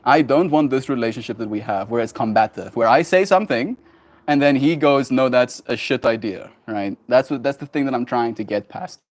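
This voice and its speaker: A young man in his twenties talks to his stream in an animated, emphatic way. He tells a story and laughs often. His pitch sits in an ordinary middle range. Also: fairly quick. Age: 20s. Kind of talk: casual livestream storytelling.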